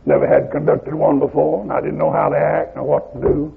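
A man preaching a sermon, moving from quiet, plainspoken storytelling into shouted, fiery preaching. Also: fairly high pitch, level tone, fairly quick, creaky, husky. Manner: plain folksy grammar. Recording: tinny lo-fi recording.

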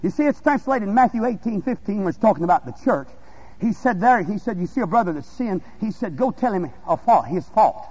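A middle-aged man preaching a revival sermon in a high, husky voice. He drops into low conversational asides, then climbs into shouted, stretched-out lines. The recording is dull and lo-fi. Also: lively intonation. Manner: swings from conversational asides to shouted, drawn-out exhortation.

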